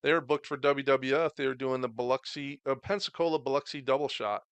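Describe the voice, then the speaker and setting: A man's voice: medium pitch, steady tone, fast talker, fairly bright tone, smooth, dry recording. A middle-aged man, a guest chatting casually and rambling with many fillers about his wrestling days. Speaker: podcast guest, former wrestler. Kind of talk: casual storytelling chat.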